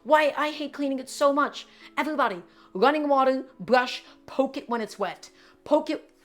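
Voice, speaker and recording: A woman's voice: high voice, moderate pace, faint music behind. A woman hosting a live cooking stream, chatting casually with viewers and repeating her instructions as she works.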